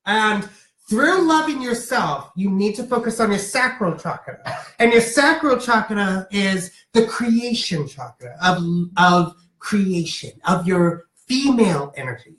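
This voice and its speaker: A woman's voice: mid-range voice, roomy sound. A woman giving a playful, giggly live-stream card reading. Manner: giggly, playful, animated delivery. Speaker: card reader.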